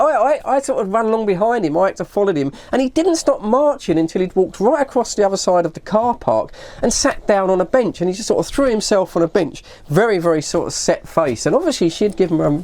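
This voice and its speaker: A woman's voice: mid-range voice, darkish tone. A woman telling a long story in a casual, rambling way, often correcting herself and saying "you know". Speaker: vlogger.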